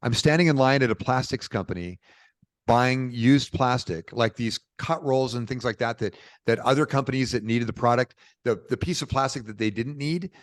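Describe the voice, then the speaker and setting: A middle-aged man from Portland, Oregon, telling stories as a podcast guest in a lively, informal way. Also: medium pitch, normal speed, no room sound. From Portland, Oregon, USA. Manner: animated, informal, peppered with "dude" and "bro". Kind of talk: casual conversational storytelling.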